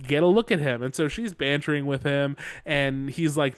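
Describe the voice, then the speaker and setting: Male podcast co-host, casual recap chat, rather high voice, very dry close sound, profane and animated. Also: normal speed, smooth, dry recording. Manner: animated, profane storytelling full of asides.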